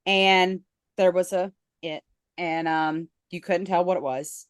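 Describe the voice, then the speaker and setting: A woman from Illinois who has picked up a Southern twang, casually co-hosting a podcast and telling animated, giggly stories. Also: lowish voice, takes it slowly, smooth, dry recording, clean studio sound. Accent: Southern US twang over Midwestern. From Illinois, Midwest US. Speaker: podcast co-host. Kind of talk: casual chat.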